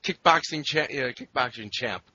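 A man hosting a podcast in casual chat, easygoing and quick to laugh. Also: mid-range voice, sharp tone, slightly rough, highs cut off. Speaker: podcast host.

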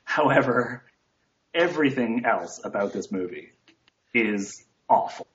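A man in a casual movie review chat, making wry, deadpan jokes. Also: mid-range voice, measured pace, background noise. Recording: dull lo-fi audio.

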